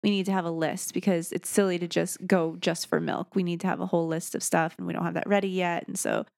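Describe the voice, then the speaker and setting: A woman's voice: lowish voice, flat delivery, fast talker, creaky, darkish tone, dry recording, studio quality. A young woman co-hosting a podcast, telling a story in a casual, self-deprecating way, sleep-deprived as a new parent. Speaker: podcast co-host. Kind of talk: casual chat.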